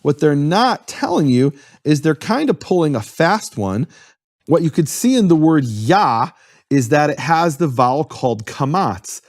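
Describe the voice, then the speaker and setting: A man's voice: a little high, lively intonation, a little slow, a little mellow, no room sound. Dry, earnest man explaining. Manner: earnest, explanatory, spells out terms. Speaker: guest explaining Hebrew. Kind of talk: conversational explanation.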